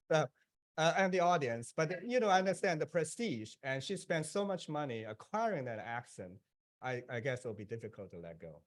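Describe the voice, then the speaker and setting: A man speaking as an author on a panel, telling lively anecdotes to an audience and laughing at his own jokes. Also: a little high, fairly quick. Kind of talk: panel discussion. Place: public event, speaking to an audience.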